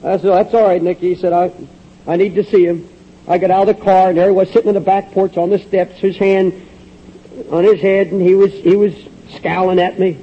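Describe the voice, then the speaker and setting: A man preaching a sermon, fervently retelling a story with quoted dialogue, swinging from hushed low passages to high, urgent ones. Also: husky. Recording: dull lo-fi old recording.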